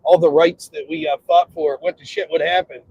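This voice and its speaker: A man voicing a group of jovial old male founding fathers who talk like loud, bantering buddies. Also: a little high, fairly even intonation, a little fast, slightly rough, no echo, lo-fi sound. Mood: puzzled.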